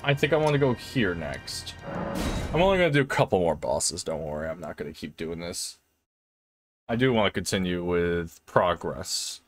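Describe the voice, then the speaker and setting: A young man chats his way through a video game, his pitch swinging up and down as he rambles and talks to himself. He breaks into sudden excited outbursts, with game music playing clearly behind him. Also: moderate pace. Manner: chatty, rambling, self-talk with excited outbursts. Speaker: gaming channel host. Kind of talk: casual gameplay commentary.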